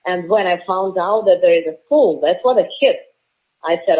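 A woman in her late twenties from Russia with a Russian accent, a wrestler answering interview questions earnestly with halting fillers, heard over a tinny phone line. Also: lowish voice. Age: late 20s. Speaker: professional wrestler guest.

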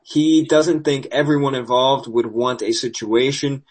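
A man's voice: mid-range voice, measured pace, low-quality recording. A man hosting a podcast, reading wrestling news with sarcastic asides, losing his voice. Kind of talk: casual news commentary.

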